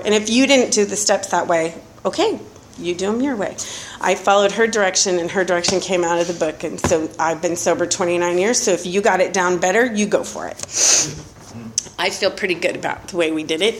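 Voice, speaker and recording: A woman's voice: mid-range voice, slight background noise. Candid, profane woman telling her story. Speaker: speaker sharing her recovery story. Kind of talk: recovery meeting talk.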